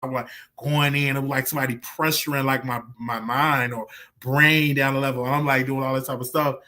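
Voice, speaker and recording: Fairly quick and pushed, this host's mid-range voice stays bright with fairly even intonation. He opens up about his own past in casual livestream commentary, animated and frequently repeating points for emphasis.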